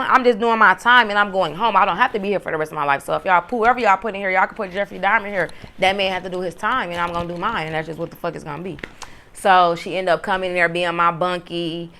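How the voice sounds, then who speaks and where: A woman who was once in prison, telling her story in a blunt, profane, animated way. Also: fairly low pitch, quick pace. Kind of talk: casual storytelling to camera.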